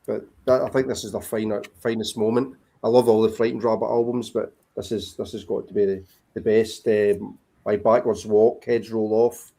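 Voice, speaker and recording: A man in a casual video call chat, showing records and rambling with many pauses and ums. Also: fairly low pitch, flat delivery, creaky, dark tone. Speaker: vinyl collector showing records.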